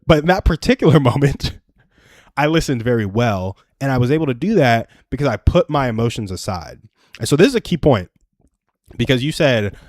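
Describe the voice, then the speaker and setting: A man's voice: mid-range voice, darkish tone, no echo, studio quality. A young man hosting a livestream, telling a personal story in earnest, chatty advice talk. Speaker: livestream host. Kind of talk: casual advice chat.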